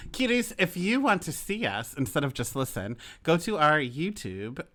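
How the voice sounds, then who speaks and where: A young woman co-hosting a podcast in casual chat, chatty and teasing, with quick asides. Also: low-pitched, sing-song, fairly bright tone. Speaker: podcast co-host.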